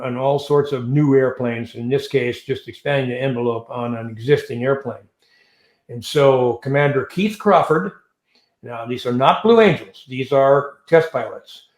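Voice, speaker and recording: Older man telling stories in a roomy space. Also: medium pitch. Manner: animated storyteller who acts out voices and sounds. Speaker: interview guest, retired navy pilot. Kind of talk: storytelling in an interview.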